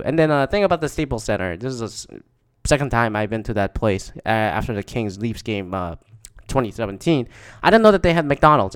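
A man's voice: medium pitch, clear, resonant tone. A man casually recounting games he went to, rambling and swearing, with lots of fillers. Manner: profane, rambling, with frequent fillers.

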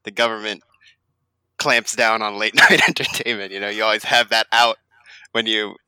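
Bright, crisp-voiced man, chatty. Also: fairly low pitch, fairly even intonation, dry recording, poor audio. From family from Manchester, half British. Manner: laughing, halting with restarts. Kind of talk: casual chat.

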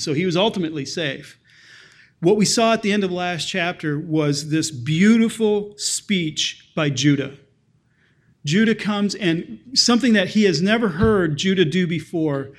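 High-voiced man preaching conversationally. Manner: conversational, explanatory, acts out quoted lines softly. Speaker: pastor. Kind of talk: sermon.

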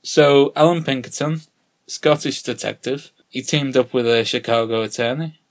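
A man's voice: medium pitch, moderate pace. A man co-hosting a casual podcast, teasing his co-host with jokes and puns. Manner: teasing, joking banter with puns.

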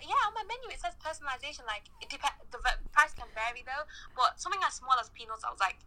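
A young woman with a northern English accent talks fast in a loose, rambling podcast chat. Her voice is bright and slightly high, and she often trails off mid-thought. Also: expressive, poor audio. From northern England. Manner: rambling, quick, giggly, trailing off. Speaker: small bakery business owner, guest.

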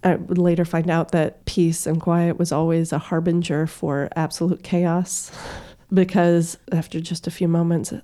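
Woman, thirties, podcast guest, storytelling, lively, acts out voices. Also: lowish voice, unhurried. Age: 30s.

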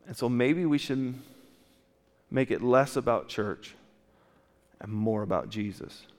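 A man's voice: medium pitch, takes it slowly, a little mellow, big-room sound. A man preaching a sermon as a pastor, asking his listeners one question after another and often restarting his sentences. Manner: asks many rhetorical questions, with restarts. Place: church.

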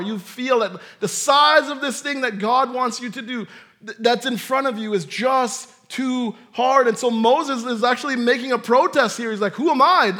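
High-voiced man preaching casually. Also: fairly bright tone. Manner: conversational, self-deprecating humor. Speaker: pastor. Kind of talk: sermon.

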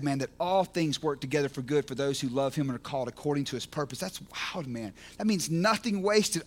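A man preaching passionately on a podcast, swinging from hushed prayer to shouted excitement, full of restarts and "man" and "you know.". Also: a little high, brisk, hardly any pauses. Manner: repeats words and restarts, casual fillers like man and you know. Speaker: podcast speaker at a recovery ministry. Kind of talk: impassioned preaching.

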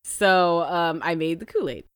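A woman in her thirties co-hosting a casual chat podcast, telling animated stories, laughing often and acting out what people said. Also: on the low side, unhurried, smooth, no room sound, studio quality. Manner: animated storyteller who laughs often and acts out quotes. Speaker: podcast co-host.

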